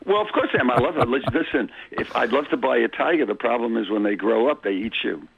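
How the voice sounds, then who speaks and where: A man's voice: mid-range voice, animated, fast talker, creaky, breathy edge. A man with a New York accent, a cab driver calling in to a radio show, chatty and boastful about his city. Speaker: phone-in guest, cab driver. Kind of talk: phone-in radio chat. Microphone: telephone. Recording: tinny phone line.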